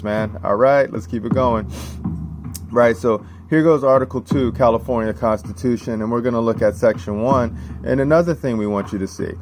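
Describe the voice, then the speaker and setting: Casual man teaching with constant "right?". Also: medium pitch. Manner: casual, emphatic, repeats "right?" after every point. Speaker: civics teacher. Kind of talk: informal lesson reading and explaining a constitution. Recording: steady background noise.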